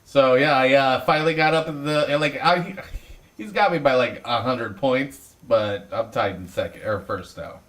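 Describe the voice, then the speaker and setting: A man's voice: medium pitch, moderate pace, fairly bright tone, raised voice, slight background noise. Easygoing profane co-host man. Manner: profane, easygoing, hesitant fillers. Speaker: podcast co-host. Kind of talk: casual chat.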